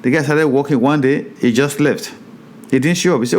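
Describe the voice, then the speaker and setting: A man teaching a Bible study in a sermon style, reading scripture aloud and preaching with animated, repeated phrases. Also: medium pitch, a little hiss or hum. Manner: slows down over hard place names.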